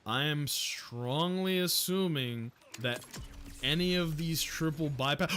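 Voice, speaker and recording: A young man from the United States giving casual, profane, jokey commentary while streaming a game, breaking into loud excited outbursts. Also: a little high, takes it slowly, a little hiss or hum. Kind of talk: casual gameplay livestream commentary.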